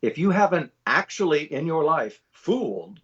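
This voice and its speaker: An older man, a voice actor guest, telling animated stories in a casual interview. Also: a little high, normal speed, slightly rough, highs cut off. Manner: animated storyteller, many restarts.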